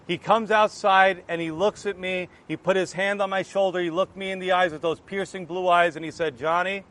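A man with a noticeably high voice shares his personal testimony. He tells it with earnest, animated energy, slipping into the voices of the people in his story as he goes. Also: brisk. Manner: earnest, animated retelling that acts out remembered exchanges. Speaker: Christian giving a testimony.

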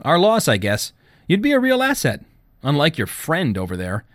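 A smug, folksy middle-aged police chief, put on by a male narrator. He talks down to people, with lively pitch. It is recorded dry and close. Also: normal speed, no room sound. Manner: folksy, condescending.

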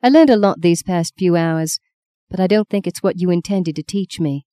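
A woman's voice: on the low side, normal speed, mellow, no room sound, close to an everyday voice. A woman reading an audiobook, voicing a young wife who speaks sharply and resentfully. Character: young wife, fed up and defiant.

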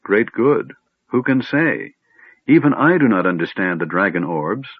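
A man reading an audiobook voices a female silver dragon in elf form, speaking in a low, grave and passionate way, on a tinny phone-like recording. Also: big pitch swings, a little slow, breathy edge, dry recording, full character voice. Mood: grave, sorrowful. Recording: tinny phone-like band, dry.

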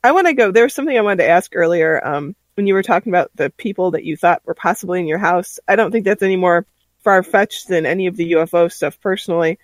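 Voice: medium pitch, fast, no room sound. A podcast co-host who asks a guest questions in an eager, talkative way. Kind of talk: casual interview chat.

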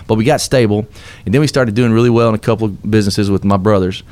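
The speaker is a man whose lowish voice is smooth, a little mellow, and fast, with no room sound. As a radio show guest, he tells his success story earnestly and upbeat, stressing points like a preacher during a motivational interview.

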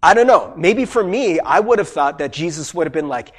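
Animated man preaching a sermon. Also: on the high side, fairly quick, hardly any pauses. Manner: animated, conversational preaching with many asides. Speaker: pastor.

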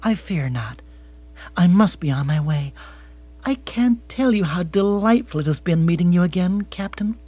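A man's voice: sits high, animated, normal speed, husky, dull audio, pitched above the performer's own voice. A man reading an audiobook, voicing a wealthy American widow who talks in a gushing, earnest, genteel way.

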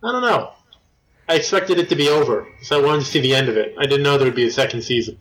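A man's voice: medium pitch, animated, quick pace, fairly bright tone, slight background noise, low-quality recording. A man guesting on a podcast in casual comedic chat, rambling and enthusiastic.

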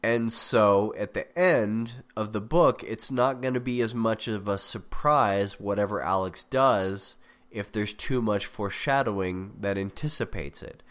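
A man's voice: lowish voice, a little slow, fairly bright tone. A man hosting a podcast, rambling through a casual critique of a story with wry asides, his voice sounding a little sick. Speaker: podcast host critiquing fiction.

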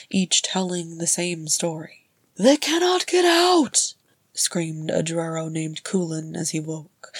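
Lady reading a story, slow steady pace, dry close sound. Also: fairly low pitch, slightly rough, no room sound. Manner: measured, even reading. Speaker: audiobook reader. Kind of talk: scripted narration.

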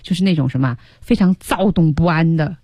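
A woman teaching English on radio, explaining slowly and stretching key words. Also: sits low, dark tone, no room sound, clean studio sound. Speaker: language teacher.

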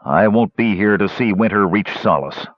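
A man voicing a gruff, proud older male dwarf who speaks indignantly. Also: fairly low pitch, normal speed, no echo, natural voice. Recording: dull, dry close recording.

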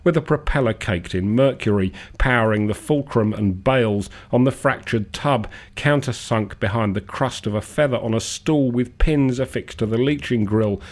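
A man hosting a radio show, feeling unwell, reading long absurd lists in a dry, measured deadpan. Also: on the low side.

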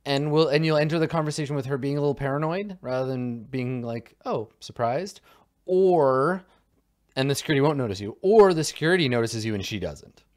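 A man's voice: medium pitch, fast. A man narrating as game master of a tabletop game, describing scenes loosely with lots of fillers and restarts.

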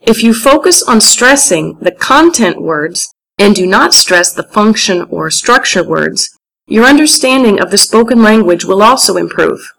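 A woman with an American accent, an English teacher reading practice phrases with clear, strong word stress. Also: mid-range voice, expressive, unhurried, fairly bright tone, rough recording.

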